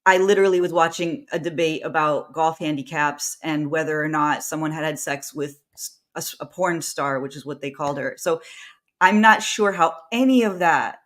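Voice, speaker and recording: Exasperated talk-show co-host, mid-pitched. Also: moderate pace, fairly bright tone. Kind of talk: casual political chat.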